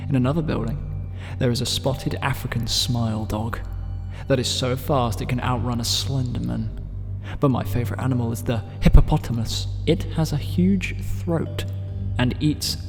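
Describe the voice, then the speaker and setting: A man's voice: medium pitch, normal speed, long reverb tail, over music. A man doing comedic, mock-spooky readings of horror-themed stories as a gaming YouTuber.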